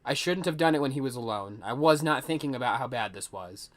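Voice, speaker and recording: A man's voice: medium pitch, animated, brisk, fairly bright tone. A young man telling a rambling, profane storytime vlog.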